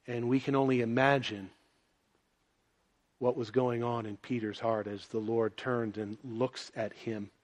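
A man preaching a sermon, moving between quiet, low passages and loud, emphatic ones. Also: level tone, unhurried. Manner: dynamic, swings from soft and low to loud and emphatic.

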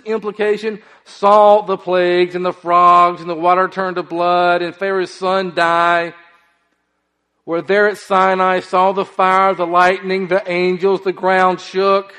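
A pastor preaching a sermon, telling stories and acting out voices with animated emphasis. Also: male voice, high voice, unhurried, long reverb tail.

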